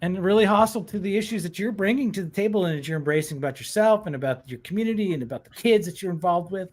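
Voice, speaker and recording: A man's voice: high voice, expressive, very fast. A man hosting a casual livestream chat, talking in a rambling, effusive way with many restarts. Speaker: show host.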